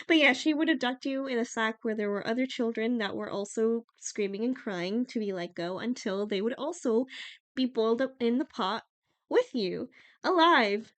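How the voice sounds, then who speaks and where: Young woman, from Iceland, streamer, chatty and giggly, fairly high voice, dry close sound. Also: dry recording. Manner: chatty, giggly, lots of fillers. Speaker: livestreamer. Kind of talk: casual livestream chat.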